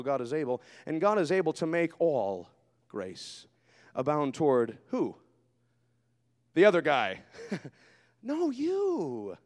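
High-voiced pastor preaching in reverb. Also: male voice. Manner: swings from quiet asides to shouted fervor. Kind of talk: sermon. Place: church sanctuary. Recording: long hall reverb.

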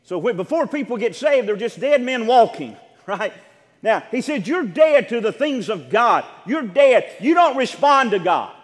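This pastor's voice is very high, swinging widely in pitch, and a long reverb tail follows his words. His emphatic sermon features drawn-out words, rising shouts, and questions called out to the congregation.

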